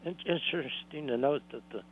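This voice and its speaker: A man's voice: a little high, brisk, narrow, tinny audio, slight background noise. A man who calls in regularly to a radio show, speaking politely and courteously in casual chat. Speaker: regular caller.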